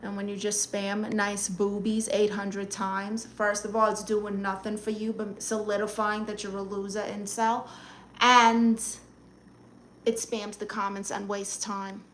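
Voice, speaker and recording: A woman's voice: mid-range voice, level tone, measured pace, a little hiss or hum. A woman hosting a live stream, reading viewers' comments aloud and answering them in a sassy, blunt, teasing way.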